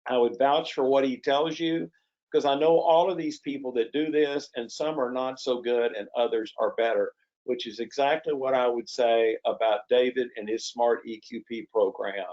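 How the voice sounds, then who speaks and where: A man's voice: mid-range voice, normal speed, darkish tone, highs cut off. A man hosting a sales webinar, talking in a folksy, chatty way with fillers and restarts. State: coughing. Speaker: webinar host. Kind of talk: casual sales webinar talk.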